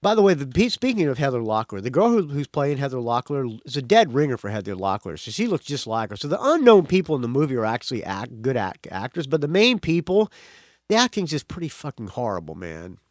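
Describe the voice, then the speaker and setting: A man's voice: medium pitch, sing-song, fairly quick, dry recording, studio quality. A male podcast host giving a casual movie review monologue, blunt and profane, with frequent restarts.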